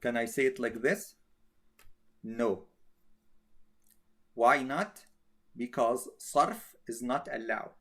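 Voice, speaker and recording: A man teaching a grammar class, speaking slowly and repeating himself, often checking with "okay?". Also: mid-range voice, a bit bright. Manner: slow, repetitive, checks with "okay?".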